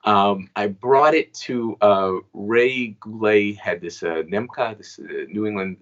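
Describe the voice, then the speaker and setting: A man's voice: on the low side, takes it slowly, highs cut off. A man in his fifties telling stories as an interview guest, chatty and often asking "right?" between points. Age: 50s. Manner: chatty, frequent "right?" asides. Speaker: guest magician and inventor. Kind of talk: storytelling interview answers.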